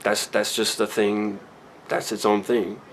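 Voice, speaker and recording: A man's voice: lowish voice, flat delivery, unhurried, slight background noise. A man in his thirties talking candidly in a personal vlog at home, reflective and rambling, with many restarts and fillers. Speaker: vlogger. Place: a room at home.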